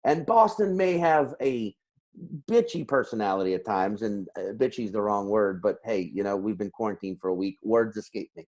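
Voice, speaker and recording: A man co-hosting a podcast in casual chat, talking in an animated, profane and self-mocking way. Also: lowish voice, normal speed. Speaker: podcast co-host.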